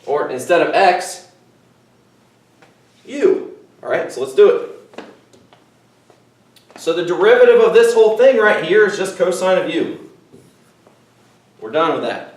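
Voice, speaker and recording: A man's voice: sits high, very animated, measured pace, pauses often. A male math teacher lecturing his class step by step, checking in with "okay" and addressing the students as "guys". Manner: explains step by step, often saying "okay" and "guys". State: voice cracking a little. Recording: echoey room, mic far off.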